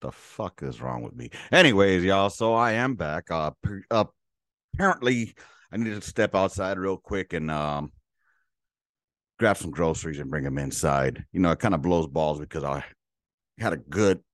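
Profane ranting man, low voice. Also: moderate pace, no echo, clean studio sound. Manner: profane, heated and rambling. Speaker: podcast host. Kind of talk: casual ranting monologue.

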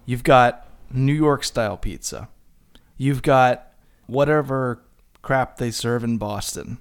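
A man's voice: medium pitch, takes it slowly, smooth. A man co-hosting a podcast, chatting casually with a teasing, laid-back manner and frequent laughter. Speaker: podcast co-host.

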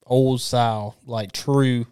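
A man co-hosting a casual podcast, running a game where he reads lines in a flat monotone and laughs often. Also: mid-range voice, slow pace, clean tone, no echo, clean studio sound. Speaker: podcast co-host.

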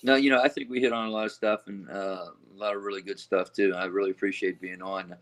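A man's voice: fairly low pitch, fairly even intonation, fast talker. A middle-aged man, a former coach, speaking as a guest in a casual interview, hesitant and full of fillers. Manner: hesitant, many fillers, warm laughter.

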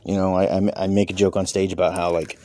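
A man who does stand-up and podcasts, and has kids of his own, reflects on his life in a rambling, candid way with casual swearing. His low voice is mellow and fast, with little pitch movement. There's a little hiss or hum in the recording.

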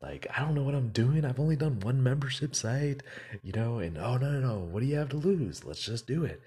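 A man's voice: medium pitch, lively intonation, brisk, warm tone, breathy edge, voice pushed up. A man doing a nervous self-doubting guy. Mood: fretful. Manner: nervous, fretful inner monologue. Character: anxious self-doubting man arguing with himself.

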